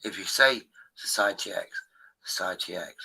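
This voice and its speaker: Brief: male stream host with a low, punchy, strained voice; rambling and swears freely. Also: moderate pace, vocal fry, sharp tone, husky, rough recording. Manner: rambling and profane. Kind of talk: casual chat.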